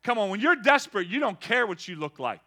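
A man preaching a lively sermon, calling out to the congregation and building to shouts. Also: sits high, quick pace. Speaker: pastor.

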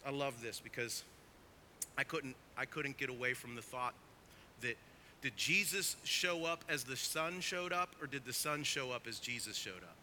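Bright-voiced emphatic male preacher. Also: mid-range voice, lively intonation, moderate pace, a little hiss or hum. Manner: emphatic, swings from quiet to loud. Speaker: pastor. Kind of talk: sermon.

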